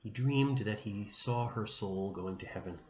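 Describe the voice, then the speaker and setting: A man teaching religion by retelling a saint's life gently and without hurry, with small restarts along the way. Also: fairly low pitch, a little slow. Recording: dull, echoey room recording with faint hum.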